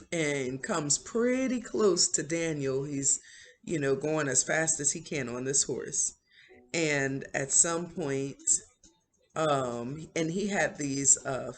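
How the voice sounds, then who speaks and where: Slow, rambling woman recapping a film. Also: low voice. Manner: rambling, full of fillers like "like" and "um". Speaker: channel host recapping a movie. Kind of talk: casual spoken movie recap.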